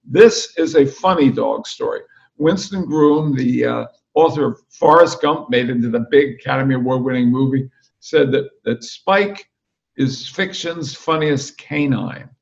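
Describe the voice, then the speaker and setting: Gravelly older man telling anecdotes. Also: medium pitch, unhurried, muffled recording. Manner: animated anecdotal storyteller. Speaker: interview guest, author. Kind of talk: casual chat.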